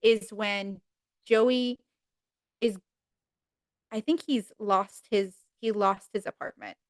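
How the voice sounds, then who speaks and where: A woman guest on a podcast, chatting casually and retelling sitcom episodes in an animated way, acting out the characters' lines. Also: mid-range voice, slow, no room sound, clean studio sound. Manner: animated storyteller who acts out characters' lines.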